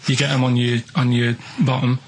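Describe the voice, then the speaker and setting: A man on a radio show telling odd stories in a halting, deadpan way, full of restarts. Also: medium pitch. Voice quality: plain flat way of speaking, halting with many restarts. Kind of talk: rambling deadpan storytelling. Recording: noisy radio studio recording.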